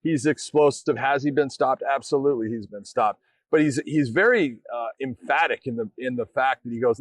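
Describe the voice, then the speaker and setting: A man's voice: medium pitch, normal speed, dry recording. A middle-aged man co-hosting a podcast, telling stories and acting out quotes in casual chat. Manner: animated storyteller, acts out quotes. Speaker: podcast co-host.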